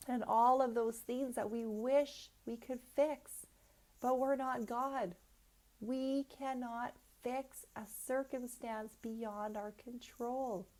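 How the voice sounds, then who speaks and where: Woman, oracle card reader, slow delivery, earnest and emphatic, rhetorical questions, channeled reading. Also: fairly high pitch, dark tone.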